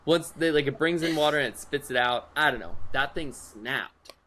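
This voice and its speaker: A man's voice: mid-range voice, normal speed, bright, forceful tone, rough recording. A young man co-hosting a casual podcast, telling a long rambling story. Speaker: podcast co-host.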